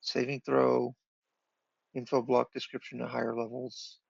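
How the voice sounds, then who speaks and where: A man's voice: mid-range voice, monotone, a little slow, creaky, breathy edge, no echo. A man running an online tabletop game, checking a player's sheet and breaking off to talk to his kid. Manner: talks to his child off-mic mid-game. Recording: dull lo-fi voice chat audio.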